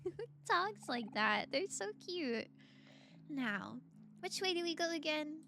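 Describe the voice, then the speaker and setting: High-voiced woman streamer chatting. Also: lively intonation, takes it slowly, creaky, long pauses, bright, forceful tone, a little hiss or hum. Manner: chatty, laughs often, reads game text aloud. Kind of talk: casual game commentary. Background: game music.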